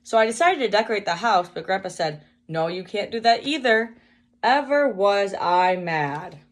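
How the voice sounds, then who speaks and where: A woman reading a children's book aloud in a slow, emphatic storytelling manner. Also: mid-range voice, expressive.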